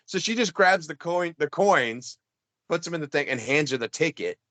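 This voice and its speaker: Rambling storyteller dad, dry close sound. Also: male voice, fairly high pitch, expressive, moderate pace, pushed and bright, no room sound. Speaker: podcast co-host. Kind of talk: casual chat.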